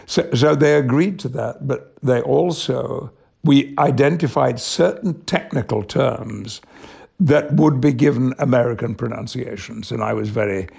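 An older man from Yorkshire, an actor telling stories in an interview in a measured, articulate way with chuckles. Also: mid-range voice, creaky, a little mellow, slightly rough. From England, Yorkshire. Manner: measured, articulate, laughs through anecdotes. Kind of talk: reflective storytelling.

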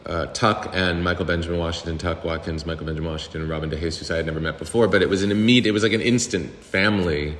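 Brief: very low-voiced male actor guest, loose chatty interview talk, reverberant sound. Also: very fast, hardly any pauses. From Pittsburgh, US. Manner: relaxed, rambling, many fillers. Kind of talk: casual interview chat.

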